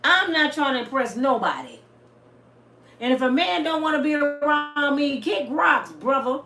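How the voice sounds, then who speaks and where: A vlogger in her fifties delivers a very animated casual monologue to her viewers, blunt and salty with lots of storytelling energy, her pitch jumping up and down at normal speed. She's recorded from a distance, sitting away from the mic in an echoey room with faint hiss in the background.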